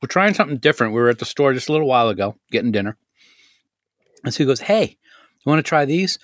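A man's voice: medium pitch, animated, very fast, fairly bright tone, no echo. A man co-hosting a podcast, chatting casually with a friend, teasing and often laughing. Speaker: podcast co-host. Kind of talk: casual banter and read credits.

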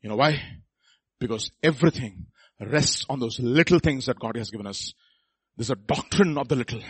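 A man preaching a sermon, swinging between quiet asides and loud exhortation and calling the congregation to repeat after him. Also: mid-range voice, moderate pace, husky, dry recording. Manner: calls the congregation to repeat lines.

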